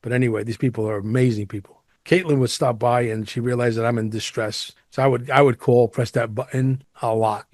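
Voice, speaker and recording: A man's voice: mid-range voice, a little fast, hardly any pauses, no echo. Guy on his podcast rambling thru a wild story, swears a lot, hams it up, mid voice, dry close mic. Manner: animated, profane, exaggerated storytelling. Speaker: podcast host. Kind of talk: casual storytelling monologue.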